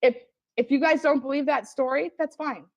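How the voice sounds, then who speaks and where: A high-voiced woman rants defensively and swears at every turn, sounding exasperated. Her voice comes through a dry, slightly dull voice-chat mic with no room sound. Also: steady tone, normal speed, no room sound. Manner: defensive, profane, exasperated ranting. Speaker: livestream participant. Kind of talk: heated casual argument.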